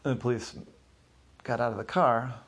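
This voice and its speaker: A man telling an improvised story to children in a relaxed, informal way. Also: mid-range voice, normal speed, creaky.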